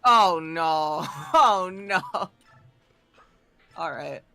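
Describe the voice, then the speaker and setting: Bright-voiced young woman with dry quips. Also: sits low, expressive, extremely slow. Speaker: co-player on a game stream. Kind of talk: casual stream chat.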